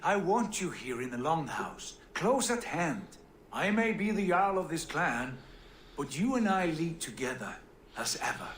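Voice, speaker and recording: An earnest Viking jarl speaks in a fairly high, lively voice. The game audio is roomy with faint ambience. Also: male voice, a little slow, slight background noise. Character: male Viking jarl, warm and loyal leader.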